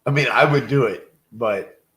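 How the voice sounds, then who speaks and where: A man hosting a casual live stream, chatting and leaving upbeat voicemails to sellers. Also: mid-range voice. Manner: relaxed and chatty, quick laughs, upbeat on calls. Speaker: real estate wholesaler and channel host.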